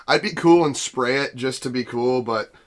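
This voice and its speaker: A man's voice: mid-range voice, normal speed. A man hosting his gaming vlog, rambling casually from his home setup, interrupting himself and laughing often. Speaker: gaming channel host. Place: home basement studio room. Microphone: desk camera setup.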